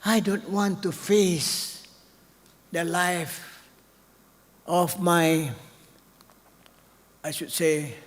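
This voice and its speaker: An older keynote speaker with a high voice talks extremely slowly, pausing often, in a large hall with long reverb. His off-the-cuff speech is chatty, constantly checking in with a "right?" to the audience.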